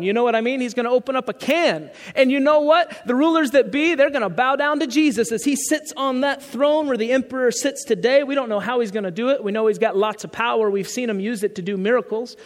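High-voiced pastor preaching in a reverberant hall. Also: male voice, fairly quick. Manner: conversational preaching with rhetorical questions. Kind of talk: sermon.

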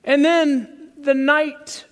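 A man's voice: extremely high pitch, flat delivery, drawn-out words, big-room sound. A male pastor preaching a sermon in a conversational way, asking the congregation rhetorical questions.

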